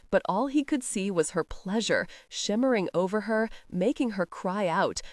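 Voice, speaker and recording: A woman narrating a romance audiobook in an expressive, intimate storytelling voice. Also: mid-range voice, no echo, clean studio sound.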